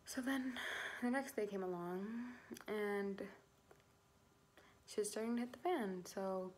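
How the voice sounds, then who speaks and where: A woman's voice: mid-range voice, slow pace, darkish tone, slight background noise. A young adult woman telling a personal story in a casual storytime vlog, swearing often, filling with "like" and acting out her own past lines. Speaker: vlogger.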